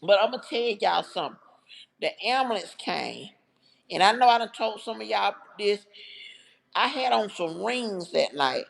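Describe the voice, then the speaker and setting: A woman's voice: medium pitch, expressive, a little slow, creaky. A woman hosting a livestream, telling a personal story to her viewers in a heartfelt, chatty way. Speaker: livestream host. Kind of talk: casual livestream storytelling to chat.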